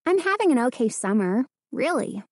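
Woman doing a bright, teasing young girl. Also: high voice, very animated, moderate pace, no echo, clean studio sound, pitched above the performer's own voice, exaggerated voice. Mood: cheerful. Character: cheerful preteen girl, teasing older sister.

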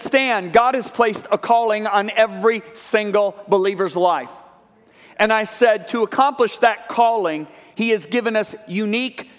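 A man preaching a sermon to a church congregation, telling a story animatedly and acting out both sides of a conversation. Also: high voice. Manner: animated storytelling, acts out dialogue. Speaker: guest preacher. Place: large church sanctuary. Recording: live church hall reverb.

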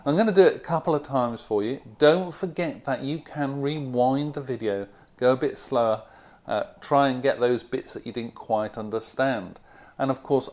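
A man teaching a video lesson on reduction, talking clearly and stressing words rhythmically. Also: medium pitch, a little mellow. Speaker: accent coach.

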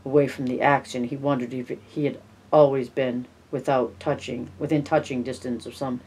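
A narrator reads a horror novel aloud at a measured pace. The voice sits at a mid pitch and drops softer when the tension rises. The telling is steady throughout. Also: slightly rough. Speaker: audiobook narrator. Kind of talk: scripted narration.

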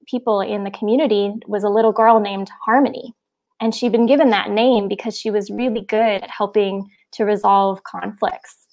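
A woman telling a children's nature story on a livestream, gentle and unhurried. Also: medium pitch, vocal fry.

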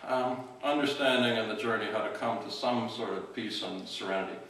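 A middle-aged man, the outreach worker of a church, introduces the evening's speaker in a relaxed, halting talk full of fillers and restarts. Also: on the low side. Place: church hall. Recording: distant mic in an echoey hall.

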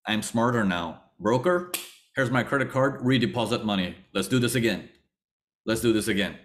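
During a webinar on trading, a man speaks at a moderate pace in a medium-pitched voice. His lecture turns into animated personal storytelling, complete with acted-out past thoughts and repeated phrases.

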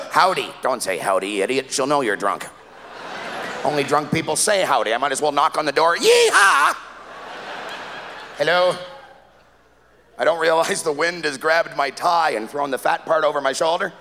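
A man's voice: fairly high pitch, a little fast, pushed and bright, a little hiss or hum. A man performing a live stand-up comedy set, telling rambling, exasperated stories. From Canada. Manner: rambling, exasperated storytelling with acted-out voices. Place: comedy club stage before a live audience. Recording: live club recording with long hall reverb.

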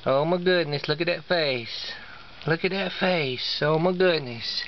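A man's voice: fairly high pitch, a little slow. A man with an East Tennessee Southern accent, a dog breeder filming and talking to puppies in coaxing, sing-song baby talk, repeating himself. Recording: dull lo-fi home video with clear background noise.

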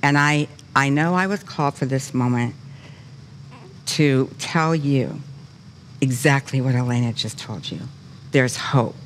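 Animated older woman hosting a faith show. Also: low-pitched, slight background noise. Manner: animated, gushing storyteller; earnest preaching cadence. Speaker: talk show host. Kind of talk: faith talk show fundraising appeal.

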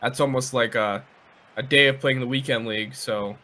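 Bright-voiced Canadian male esports caster. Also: medium pitch, moderate pace. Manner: relaxed, agreeable, analytical about play. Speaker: esports commentator. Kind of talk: casual game commentary.

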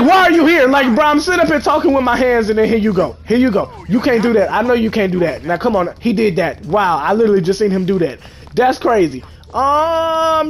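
A man commentating live on his gameplay, trash-talking in slang and bursting into shouts. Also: sits high.

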